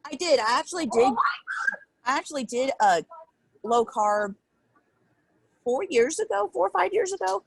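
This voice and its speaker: A woman's voice: sits high, expressive, moderate pace, gravelly, long pauses, no echo, low-quality recording. A woman in her thirties, an interview guest telling a candid personal story in an earnest, emotional, rambling way.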